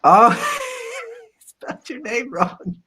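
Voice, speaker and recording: A male host running a casual livestream, his voice swinging lively up and down in pitch. He chats in an upbeat way while going through campaign updates. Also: takes it slowly.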